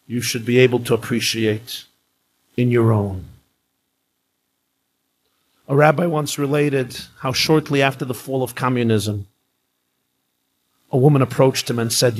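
A man, a rabbi, giving a live inspirational sermon with emphatic storytelling and dramatic pauses. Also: mid-range voice, husky, low-quality recording.

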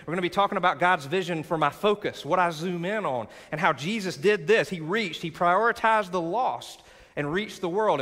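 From the front of a large church sanctuary, a pastor delivers a sermon in a bright, forceful, slightly high voice that rides a long hall reverb. He drives his points home with rising emphasis and invites the congregation to answer back.

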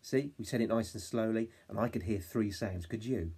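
A young male teacher from England talking to young children in a home-learning phonics lesson, saying words slowly sound by sound and prompting them to repeat after him. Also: lowish voice, vocal fry, dark tone, slightly rough. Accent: English. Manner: slow, sound-by-sound modelling with call-and-response prompts. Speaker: reception class teacher.

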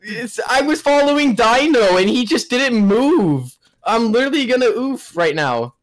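A young man hosting a gaming video, giving casual, excitable play-by-play commentary with frequent yelps and laughs. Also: very high-pitched, moderate pace.

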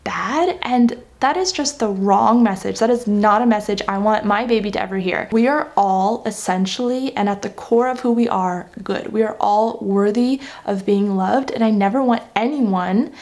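A woman's voice: mid-range voice, normal speed, few pauses, a little mellow. A young adult woman talking earnestly and reflectively in a casual vlog about parenting, with frequent "you know" and "like". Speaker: parenting vlogger.

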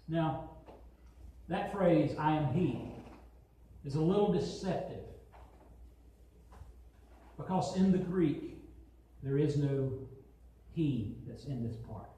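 A man's voice: a little high, lively intonation, slow pace, pauses often, dark tone. A man preaching a sermon as pastor, building emphasis and acting out quotes. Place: church sanctuary. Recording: very echoey hall, from far off.

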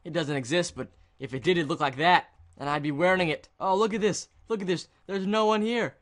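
A man with a somewhat high voice chatting through his gameplay, excitable and jokey. He bursts into mock-dramatic cheers and groans as he goes. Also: a little fast. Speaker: gaming video creator. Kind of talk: casual gameplay commentary.

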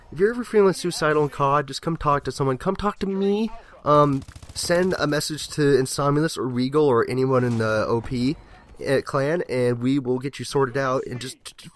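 A man in his twenties doing joking gameplay commentary, rambling with mock-serious asides and plenty of filler words. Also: medium pitch. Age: 20s.

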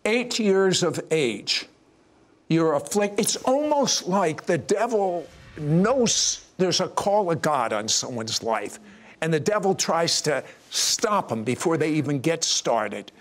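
A man's voice: fairly high pitch, sing-song, takes it slowly. A man interviewing a guest, asking questions emphatically.

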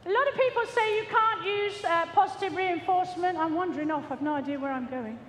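A woman's voice: very high-pitched, brisk, fairly bright tone, faint music behind. A woman, a gundog trainer giving a chatty, jokey, self-mocking commentary during a live arena demonstration. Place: large indoor show arena. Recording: echoey hall with long reverb, faint noise.

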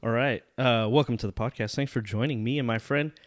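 A man's voice: medium pitch, brisk, background noise. A man hosting a podcast in a casual, rambling and jokey way. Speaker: podcast host.

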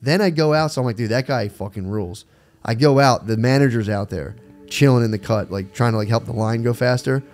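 A man's voice: mid-range voice, a little fast, darkish tone, faint music behind. A man co-hosting a podcast, telling a crude story in a laid-back, slangy way and laughing often. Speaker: podcast co-host.

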